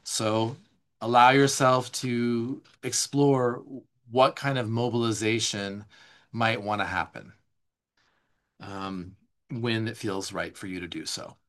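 A man answering listener questions as a somatic coach in a casual teaching talk, speaking gently and slowly, with many "like" fillers. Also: fairly low pitch, steady tone. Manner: gentle, unhurried, many "like" fillers, slows down for soft guidance.

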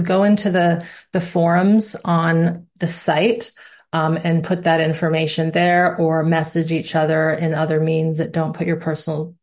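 Woman, course instructor, lowish voice, playful and reassuring, live online class, video call mic. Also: darkish tone.

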